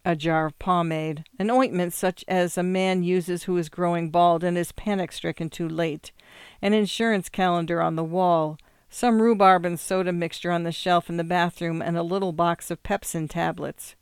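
A woman narrating a story in a steady, measured reading voice. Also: fairly low pitch, clean tone, no echo, clean studio sound. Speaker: audiobook narrator.

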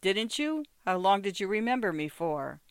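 A reader voicing a wry, middle-aged man who teases and gently presses a former lover, in a dry recording. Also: medium pitch, sing-song, normal speed, clean tone, no echo.

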